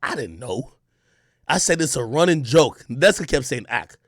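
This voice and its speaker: A man streaming, telling a story in an excitable, profane way, shouting as he reenacts moments. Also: medium pitch, moderate pace, no room sound, clean studio sound.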